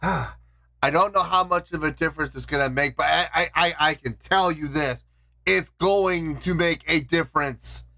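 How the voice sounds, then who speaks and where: Dramatic high-voiced man reacting. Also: normal speed, creaky, bright, forceful tone, no echo, clean studio sound. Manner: dramatic, exclamatory, emotional. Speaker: reaction video host. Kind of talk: casual reaction commentary.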